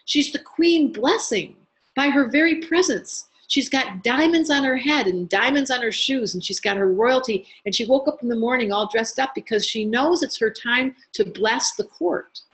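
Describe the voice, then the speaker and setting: Animated woman teaching a webinar. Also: a little high, normal speed, rough recording. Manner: animated, addresses students by name. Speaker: astrology teacher. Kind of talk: live online workshop teaching. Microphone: webinar computer mic.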